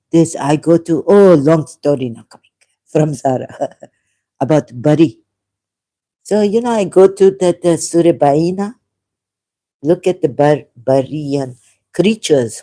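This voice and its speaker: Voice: mid-range voice, dark tone. A speaker from Pakistan, telling a story in casual chat, rambling and interrupting themselves. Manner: rambling, self-interrupting, loses the thread.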